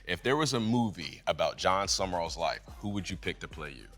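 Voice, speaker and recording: A man's voice: low voice, lively intonation, brisk, fairly bright tone, faint music behind. A young man hosting a casual interview as a sports analyst, playful and teasing. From Kentucky.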